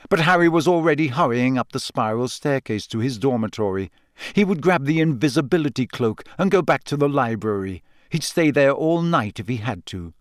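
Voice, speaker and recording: A man narrating an audiobook in an expressive reading style. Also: medium pitch, no echo, studio quality. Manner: expressive, voices characters. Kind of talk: scripted narration.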